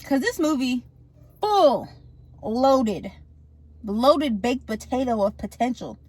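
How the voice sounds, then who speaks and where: A woman's voice: sits high, expressive, takes it slowly, a little mellow, no room sound. Slangy woman recapping a movie. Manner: slangy, jokey, acts out the characters. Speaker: movie reviewer.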